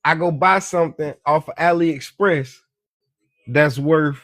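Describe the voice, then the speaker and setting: A man's voice: a little high, a little slow, fairly bright tone, dry recording, clean studio sound. A man giving a casual, profane, preachy monologue about money as a social media commentator, often calling listeners "beloved". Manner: profane, preachy, repeats "you dig me" and "beloved".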